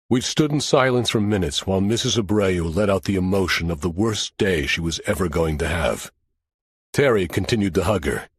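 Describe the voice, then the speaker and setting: A man with a lowish, slightly husky voice gives an expressive first-person audiobook narration. His delivery rises and falls with lively intonation. The recording is close and dry. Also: dry recording.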